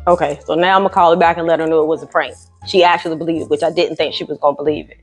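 A woman's voice: sits low, steady tone, very fast, faint music behind. A woman on a prank phone call and vlogging afterwards, casual and apologetic. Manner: apologetic, emphatic, talks with friends nearby. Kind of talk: casual phone chat and vlog talk.

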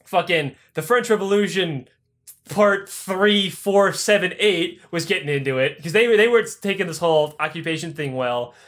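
A man retelling history for comedy in a profane, rambling, animated way. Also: high voice, moderate pace. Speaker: podcast host.

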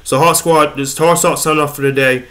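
A young man hosting a casual news vlog, reading a story and then rambling excitedly in slang, often stumbling over his words. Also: fairly high pitch, quick pace. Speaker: YouTube news host.

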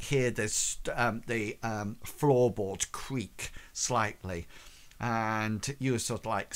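A man's voice: fairly low pitch, fairly bright tone. A man narrating a tabletop game as game master, rambling with many fillers.

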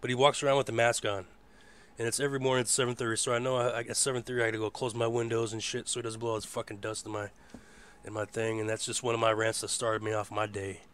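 A man hosting a casual live internet radio show. His voice is hoarse, and he rambles in a laid-back way and swears freely. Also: medium pitch, little pitch movement, fast, fairly bright tone. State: hoarse from a rough voice. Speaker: host.

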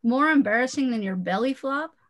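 A woman's voice: sits high, animated, brisk. A playful, teasing boy from a children's storybook, full of curious questions for his best friend, as a woman reads his lines aloud. He chats easily and lists his reasons one by one. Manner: teasing, chatty, counts points off. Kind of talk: reading aloud from a chapter book.

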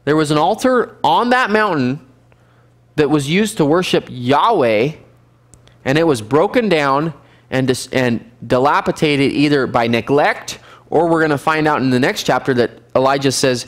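A man teaching a casual Bible survey class as pastor, lively and animated, acting out scenes now and then. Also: normal speed. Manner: lively, animated, acts out scenes with sudden high shouts and laughs. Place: church fellowship room.

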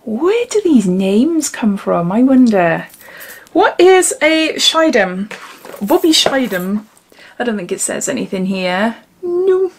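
A woman's voice: on the high side, big pitch swings, slow pace, slightly rough. Giggly woman chatting through an unboxing. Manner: chatty, giggly, drops to whispers while sniffing. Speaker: beauty vlogger. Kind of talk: casual unboxing chat.

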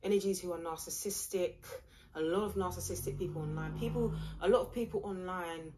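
A woman's voice: on the low side, a little fast, noisy background. A woman giving a casual tarot reading, rambling, blunt and mocking. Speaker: tarot reader.

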